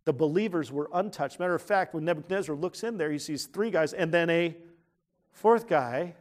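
A man preaching a sermon in a conversational way, asking the congregation questions and dropping to a hushed tone for serious points. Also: a little high, moderate pace. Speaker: pastor.

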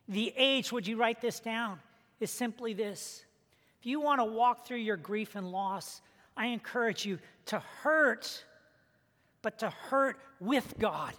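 A male pastor preaches in a high, bright, forceful voice that rings through a church sanctuary with a long reverb. His prayer is soft and hushed, and his storytelling is lively, with the characters acted out. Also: unhurried. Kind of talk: sermon with prayer and joke.

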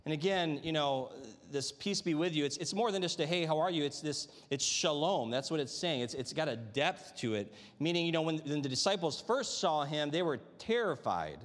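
A man delivers a sermon to a congregation in an easygoing, conversational manner, leaning on rhetorical questions to keep listeners with him. His voice sits somewhat high for a man, and his words ring out with the long reverb of a large church sanctuary. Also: expressive, normal speed, hardly any pauses. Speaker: pastor.

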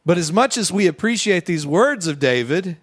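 A man preaching a conversational sermon, then leading the congregation in a slow, quiet breathing prayer. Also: sits high, lively intonation. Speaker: pastor.

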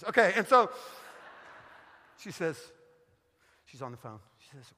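A middle-aged man preaching in a church, telling funny stories in an animated, joking way. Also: fairly high pitch, moderate pace, pauses often, in a large hall, noisy background. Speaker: guest pastor. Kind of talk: sermon with storytelling. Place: church sanctuary.

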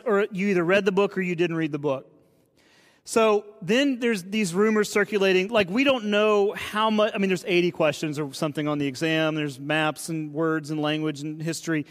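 A man in his late thirties preaching a sermon in a relaxed, storytelling way, asking the audience questions. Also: high-pitched. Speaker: pastor. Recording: long hall reverb.

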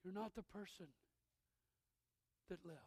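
A middle-aged man preaching a sermon, swinging from shouted preaching to hushed intensity, with a gravelly voice. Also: high voice, unhurried, dry recording. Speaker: pastor.

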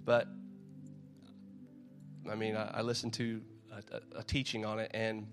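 A man's voice: lowish voice, completely flat delivery, unhurried, soft background music. A man preaching in a casual, conversational way, reading scripture aloud and often repeating his words as he goes. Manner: conversational, repeats words, acts out crowd shouts.

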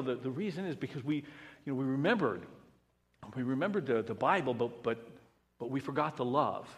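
Animated preaching man in a hall. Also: medium pitch. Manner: animated preaching, swings from loud emphatic to hushed. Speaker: pastor. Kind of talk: sermon. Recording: long reverb of a large hall.

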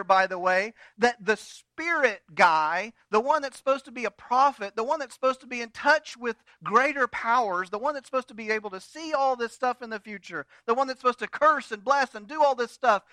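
Bright-voiced man preaching a sermon. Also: sits high, no room sound. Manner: storytelling, humorous asides. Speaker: pastor.

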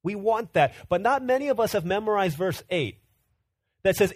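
An earnest male pastor preaching a sermon in a notably high voice. He tells stories to the congregation and restates his lines as he builds toward a point. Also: lively intonation, moderate pace. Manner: earnest, repeats words when building a point.

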